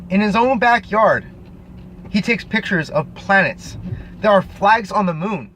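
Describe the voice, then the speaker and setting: A man's voice: sits high, fairly bright tone, slight background noise, low-quality recording. A man vlogging an angry, profane rant straight to camera, insulting and emphatic. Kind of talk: angry ranting monologue to camera.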